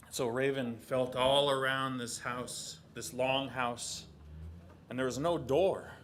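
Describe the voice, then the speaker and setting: A young man from southeast Alaska telling a traditional legend aloud, animated, with spoken sound effects. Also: medium pitch, takes it slowly, a little hiss or hum. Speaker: storyteller and artist. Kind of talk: oral storytelling.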